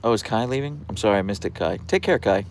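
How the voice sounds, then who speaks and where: Low gravelly guy doing a chill livestream, calm radio kinda voice, soft-spoken, reading chat. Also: quick pace, slight background noise. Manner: soft-spoken, relaxed, reads viewer comments aloud. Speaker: livestream host. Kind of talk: casual live-stream chat reading comments.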